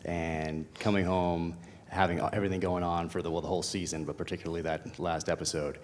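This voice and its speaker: A man with a very deep voice moderates a panel, asking casual questions in an enthusiastic, friendly way with lots of fillers. His voice rings with the long reverb of a venue hall, and a faint noise sits underneath. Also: level tone, a little fast. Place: screening venue stage.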